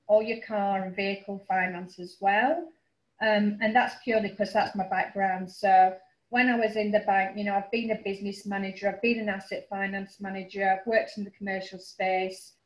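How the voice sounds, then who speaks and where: A middle-aged woman with a Yorkshire accent, a finance broker talking casually about her background, with frequent ums. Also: mid-range voice. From northern England. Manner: chatty, frequent um fillers, quick asides. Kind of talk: casual webinar presentation. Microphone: video call. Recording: roomy, dull lo-fi call audio.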